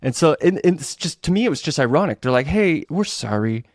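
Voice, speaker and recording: A middle-aged man co-hosting a podcast in casual chat, telling stories and acting out quoted lines with big jumps in pitch. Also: lively intonation, quick pace, dry recording, studio quality. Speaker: guest co-host, web developer.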